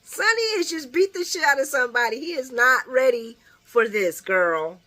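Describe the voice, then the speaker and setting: A woman giving a casual, animated recap of a soap episode, laughing often and swearing freely. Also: high-pitched, normal speed. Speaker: soap opera recap vlogger.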